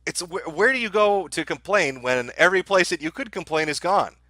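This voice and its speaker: A man's voice: high-pitched, expressive, fairly quick, bright, forceful tone, no echo. A man hosting a livestream, ranting angrily with a lot of swearing about the topic he's covering. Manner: profane, angry, ranting. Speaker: livestream host. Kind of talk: heated livestream rant.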